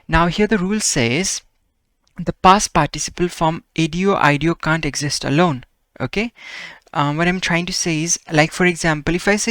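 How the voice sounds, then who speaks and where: A man's voice: a little high, a bit bright, dry recording. Man teaching Spanish grammar, checking in often. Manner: patient, repeats "okay?" and "right?" checks. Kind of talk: explaining grammar lesson.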